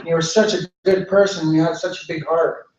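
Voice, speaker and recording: A man's voice: a little high, fairly even intonation, brisk, a little hiss or hum, lightly acted. A man voicing a stern creator spirit. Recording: echoey room, far mic, dull.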